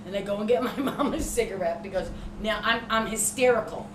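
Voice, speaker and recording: A middle-aged woman co-hosting a podcast and telling a story in casual chat, expressive and quick to laugh. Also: mid-range voice. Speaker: podcast co-host. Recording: echoey room, distant mic, noisy background.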